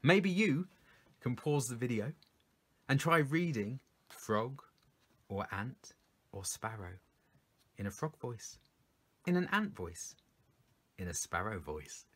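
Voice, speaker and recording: A man's voice: mid-range voice, breathy edge. A poet reading his poems aloud for children, explaining them in an encouraging way. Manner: lively, encouraging, explains slowly.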